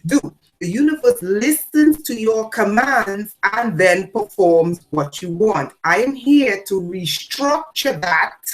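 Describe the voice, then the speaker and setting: Emphatic woman preaching with loud swings. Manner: emphatic, swings between loud declarations and low asides; repeats phrases for emphasis. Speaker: spiritual teacher. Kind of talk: spiritual talk to an audience.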